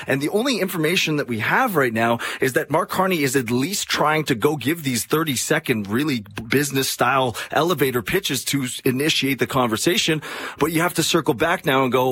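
A man from Canada speaking as a panelist, animated and storytelling in manner. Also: mid-range voice, slightly rough. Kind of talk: casual political panel talk.

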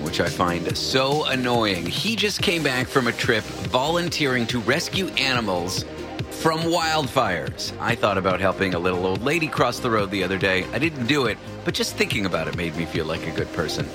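A man's voice: on the low side, big pitch swings, moderate pace, over music. A man hosting a talk show, telling stories in a wry, self-mocking way. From dual citizen. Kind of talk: casual talk show chat.

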